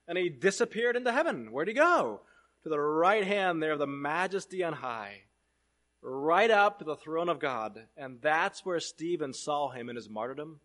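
A man preaching a sermon, reading scripture aloud and swinging between loud proclamation and hushed asides. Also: a little high, expressive, moderate pace.

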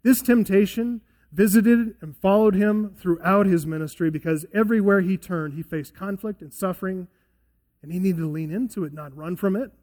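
A male pastor preaching a sermon in a church and closing in prayer, earnest, falling to a hushed, soft tone as he prays. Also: sits high, normal speed.

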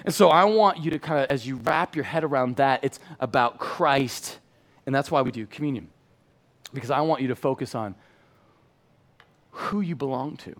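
A middle-aged man preaching a sermon in a church in a lively, conversational way, moving between loud and hushed passages. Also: mid-range voice, normal speed, long pauses. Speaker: pastor.

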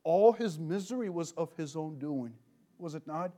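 Male preacher, high voice, animated, leans on rhetorical questions. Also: measured pace. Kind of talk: expository sermon.

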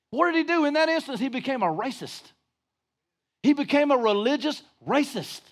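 Male pastor, high-pitched, folksy and joking, rising to shouts mid-sermon. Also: expressive, moderate pace.

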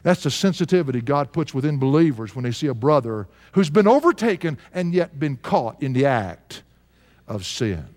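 A man's voice: mid-range voice, sing-song, moderate pace, darkish tone. A man in his sixties preaching a sermon, telling a story and chuckling now and then with earnest emphasis. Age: 60s. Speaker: pastor. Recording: long hall reverb.

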